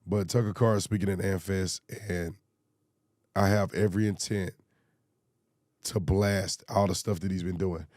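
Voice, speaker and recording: A man with a dark, low voice delivers heated commentary, hammering points with repeated rhetorical questions. His voice sounds strained and worn. The recording is close and dry. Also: fairly even intonation, moderate pace, long pauses, dry recording. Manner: emphatic, repetitive, rhetorical questions. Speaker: commentary show host. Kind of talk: opinionated political commentary.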